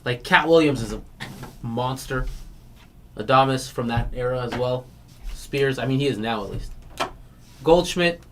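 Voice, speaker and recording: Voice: medium pitch, unhurried, long pauses. Chatty card break host, noisy stream. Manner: chatty, laughs often, retells comedy bits. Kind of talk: casual live-stream chat.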